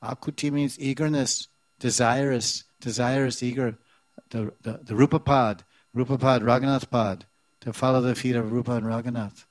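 A man's voice: medium pitch, fairly even intonation, normal speed, dry recording. A man giving a devotional scripture class who repeats words and chants verses, then explains them. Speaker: spiritual teacher.

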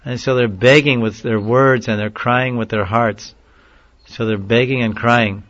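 A man preaching a devotional lecture in a slow, earnest way, sometimes pleading. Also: medium pitch, steady tone, fairly bright tone. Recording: dull lo-fi recording.

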